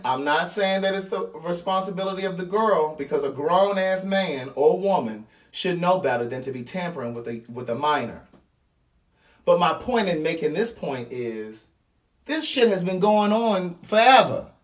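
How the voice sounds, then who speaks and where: A man's voice: sits high, lively intonation, normal speed, far from the mic. A man in his thirties with a Baltimore accent, giving a blunt, slangy commentary monologue, repeating points for emphasis. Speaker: vlogger.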